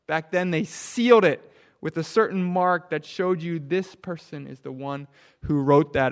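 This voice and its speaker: A man with a fairly high voice leads a children's sermon. He talks with lively swings in volume, from near shouts down to a hushed murmur. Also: measured pace. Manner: animated, drops to a hush for emphasis. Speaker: pastor.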